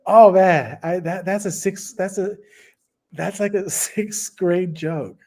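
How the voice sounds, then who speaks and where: A man co-hosting a casual podcast, telling his stories in halting, rambling bursts full of restarts. His voice is dark and husky, at an ordinary pitch. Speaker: podcast co-host. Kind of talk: casual chat.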